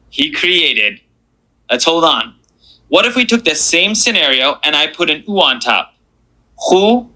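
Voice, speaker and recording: A man leads a beginners' class, with a very bright, ringing tone and a pitch a little higher than most men's. He encourages his students and sounds out each letter again and again for them to repeat. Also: low-quality recording. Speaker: Arabic teacher. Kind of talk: classroom lesson.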